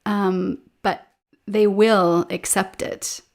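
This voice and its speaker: A woman in an animated, casual conversation, explaining her points with a ready laugh. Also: mid-range voice, drawn-out words, vocal fry.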